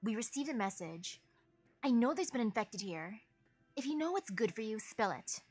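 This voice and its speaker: Woman playing a stern young woman investigator, accusing, husky, high voice. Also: animated, normal speed, darkish tone, no room sound, soft background music.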